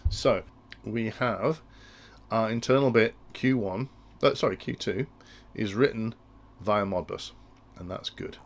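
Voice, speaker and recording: Low-voiced man with gravelly tone. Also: measured pace. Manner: thinking aloud with frequent restarts. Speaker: instructor explaining industrial control. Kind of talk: technical tutorial walkthrough.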